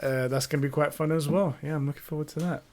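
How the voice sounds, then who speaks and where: A man with a fairly high voice co-hosting a casual gaming podcast. He tells stories animatedly and swears and laughs often as he chats on his podcast mic. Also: steady tone, fast, crowd noise. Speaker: podcast co-host.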